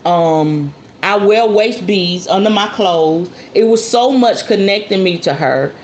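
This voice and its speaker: A woman's voice: mid-range voice, unhurried, darkish tone. A woman host talking casually to her viewers and calling them y'all as she shows off an object. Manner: chatty, addresses viewers as y'all. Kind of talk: casual show-and-tell talk to viewers. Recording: roomy with faint background noise.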